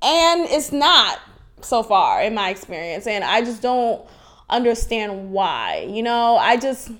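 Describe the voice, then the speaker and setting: A woman's voice: on the high side, sing-song, slow pace, a bit bright. A young woman from Haiti hosting a podcast, talking frankly and animatedly about her life, laughing often and swearing freely. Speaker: podcast host. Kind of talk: candid personal podcast monologue.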